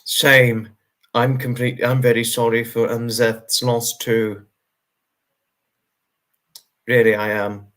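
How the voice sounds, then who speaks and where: A man's voice: mid-range voice, flat delivery, takes it slowly, pauses often, fairly bright tone. A man hosting a livestream, answering viewer comments in a casual, rambling way. He sounds tired and talks earnestly, with many fillers, as he reassures his viewers. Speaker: livestream host.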